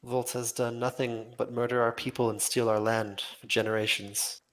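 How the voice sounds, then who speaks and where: A man voicing a proud, composed noblewoman in a tabletop game, speaking in a measured, formal way. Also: mid-range voice, level tone, a bit bright, natural voice. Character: poised, proud adult woman, a noble ally.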